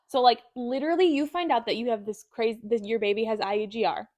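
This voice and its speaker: Podcast lady, kinda high voice, reading out a story, swears a lot, super dry close mic. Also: brisk, a little mellow, dry recording. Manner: reads a listener's story aloud, swears, laughs often. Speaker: podcast co-host. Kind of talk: casual podcast chat.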